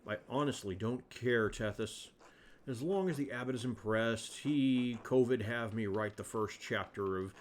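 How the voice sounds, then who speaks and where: A man's voice: medium pitch, unhurried, a little hiss or hum, natural voice. A man reading a bored, sardonic scribe monk. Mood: weary. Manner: dry, flat, unvoiced read.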